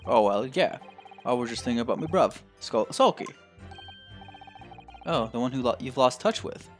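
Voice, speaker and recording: A man voicing a rough Cockney thief brother with a coarse, slangy manner, in a game playthrough. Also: mid-range voice, animated, normal speed, soft background music, natural voice. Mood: sly.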